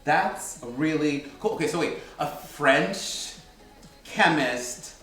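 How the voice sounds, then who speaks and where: A man's voice: fairly high pitch, expressive, slow pace, a bit bright, soft background music. A man co-hosting a kids' livestream, chatting playfully and laughing often. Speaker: co-host. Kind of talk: casual chat. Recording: very echoey room.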